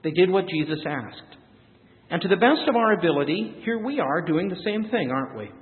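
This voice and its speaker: A man's voice: high-pitched, fairly quick. Man preaching in a reverberant church. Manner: earnest, reflective preaching with lively rises and soft drops. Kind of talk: sermon. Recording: tinny phone-like sound, long reverb.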